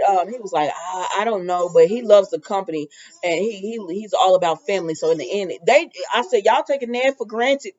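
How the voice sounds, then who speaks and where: A woman's voice: mid-range voice, mellow, muffled recording. A woman casually recapping a soap opera episode, chatty and loose, with lots of fillers and asides.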